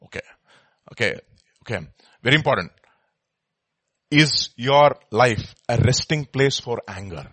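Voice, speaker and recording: A man teaching a Bible study, emphatic, repeating words and swinging between soft and loud. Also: mid-range voice, expressive, a little slow, long pauses, no echo.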